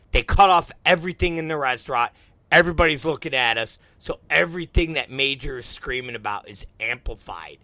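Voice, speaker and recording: A man's voice: fairly high pitch, vocal fry, dry recording. A man hosting a show, telling a profane comic story and acting out the quoted dialogue. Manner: animated, acts out quoted dialogue, heavy swearing. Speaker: show host.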